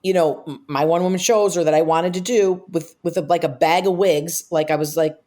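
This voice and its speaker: Older woman guest, low-set voice, fast animated storyteller with lots of asides and fillers. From upstate New York. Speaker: guest, comedic actress. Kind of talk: casual interview chat.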